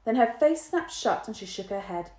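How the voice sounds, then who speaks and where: A woman narrating a children's storybook in an expressive, measured reading. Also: fairly high pitch. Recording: roomy echo.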